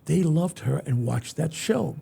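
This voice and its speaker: A man's voice: expressive, measured pace, creaky, dark tone, slightly rough. An older man, a veteran entertainer, telling stories in an interview and acting out the voices of the people in them. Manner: acts out quoted voices with big pitch swings. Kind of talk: animated storytelling in an interview.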